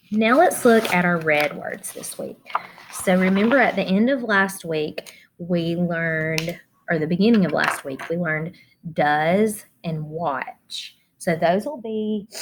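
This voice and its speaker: A woman's voice: lowish voice, takes it slowly, a little hiss or hum. A woman teacher giving a spelling lesson to children, sounding out letters and syllables one at a time.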